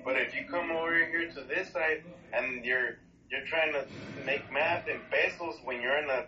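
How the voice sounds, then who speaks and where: A man's voice: fairly high pitch, moderate pace, pushed and bright. A man in casual chat who talks bluntly and switches between English and Spanish. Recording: dull lo-fi audio with crowd noise.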